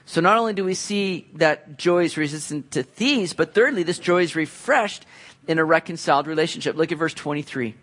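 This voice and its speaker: Man, pastor, sermon, high-pitched, conversational, acts out quotes. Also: a little fast, fairly bright tone. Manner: conversational preaching with acted-out quotes.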